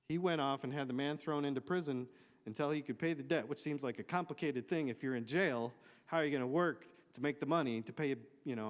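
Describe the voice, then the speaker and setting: Relaxed joking male pastor, reverberant hall. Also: on the high side. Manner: casual, joking asides while reading scripture. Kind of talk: conversational sermon.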